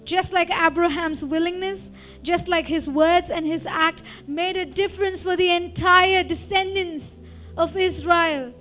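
A woman's voice: very high voice, steady tone, measured pace, fairly bright tone. A woman pastor preaching a sermon in an earnest way, repeating phrases for emphasis and building up to a prayer.

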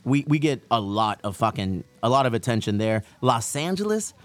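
Brief: male podcast host, mid-pitched, loose profane slangy rambling, faint music underneath. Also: sing-song, moderate pace. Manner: profane, slangy and rambling, calls people dog and bro. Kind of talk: casual podcast chat.

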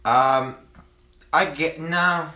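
A man's voice: a little high, very slow, bright, forceful tone, reverberant. A man in casual podcast chat, talking hesitantly with stumbling restarts as he thinks things through.

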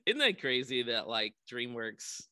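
A man's voice: medium pitch, sing-song, unhurried, pushed and bright. A young man casually recapping a movie on a podcast, rambling with lots of ums and likes. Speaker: podcast co-host.

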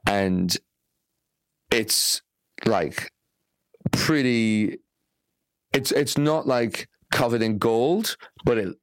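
A man's voice: mid-range voice, very slow, long pauses, no room sound, rough recording. A young Australian man, a comedian, telling a rambling, profane story full of "like" fillers. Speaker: comedian guest. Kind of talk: casual storytelling chat.

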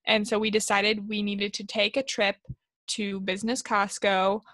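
A young woman co-hosting a podcast in casual chat, telling stories with a teasing, animated manner. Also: medium pitch, moderate pace, no echo. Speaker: podcast co-host.

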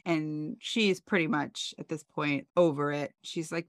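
A woman co-hosting a podcast, casually recapping a TV episode with animated storytelling and playful quoted voices. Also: low voice, measured pace, no room sound, studio quality. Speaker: podcast co-host.

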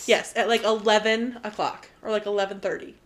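A woman's voice: mid-range voice, a little fast. Gushing young woman in casual chat. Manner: gushing, animated, swears freely. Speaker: podcast co-host.

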